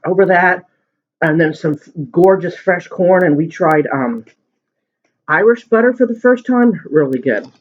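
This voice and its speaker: A man's voice: high voice, expressive, a little slow, slight background noise. A man casually chatting at home while eating on camera, telling a long rambling story. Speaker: mukbang vlogger. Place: at home at the dinner table. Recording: muffled lo-fi sound.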